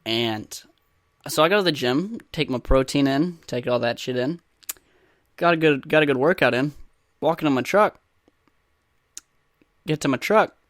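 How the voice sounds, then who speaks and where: A man's voice: medium pitch, moderate pace, long pauses, fairly bright tone, no echo, studio quality. A man in his twenties hosting a podcast, telling rambling, profane, self-mocking stories in a casual way. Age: 20s. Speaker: podcast host. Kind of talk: casual crude storytelling monologue.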